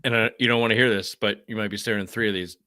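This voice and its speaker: A man's voice: on the low side, rapid-fire, dry recording, studio quality. A man in his thirties with a Boston accent, co-hosting a casual sports podcast and joking profanely between stories. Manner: profane, joking, animated storytelling. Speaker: podcast co-host.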